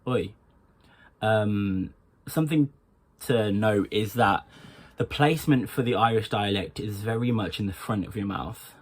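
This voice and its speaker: A young man gives an unhurried, explanatory tutorial, pausing often. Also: lowish voice. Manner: unhurried, explanatory, with frequent pauses. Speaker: accent coach. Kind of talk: informal tutorial.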